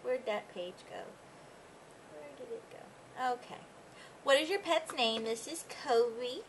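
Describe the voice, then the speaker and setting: A woman's voice: on the high side, expressive, slow pace, a little hiss or hum, poor audio. A young woman chatting casually about her pets, reading out tag questions and slipping into baby talk with her dogs. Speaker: pet vlogger.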